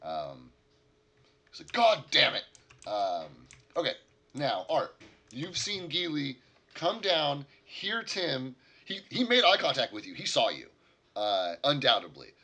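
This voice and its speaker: A man's voice: mid-range voice, huge pitch swings, takes it slowly, bright, forceful tone. A man narrating a tabletop game as game master in a loose, casual way with plenty of fillers.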